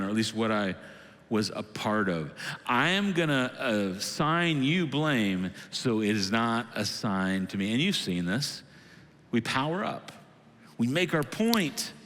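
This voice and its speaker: A man preaching a sermon as lead pastor, animated and acting out quoted voices. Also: a little slow. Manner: animated, acts out quoted voices with sudden pitch jumps. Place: church auditorium. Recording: long hall reverb.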